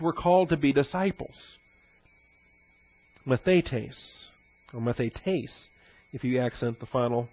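A man's voice: a little high, dry recording, lo-fi sound. Man preaching a conversational teaching sermon. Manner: conversational, rambling with fillers and asides. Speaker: pastor.

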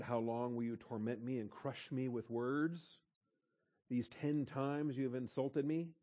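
A man's voice: mid-range voice, warm tone. A man preaching a conversational sermon, reading scripture aloud and explaining it. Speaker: pastor.

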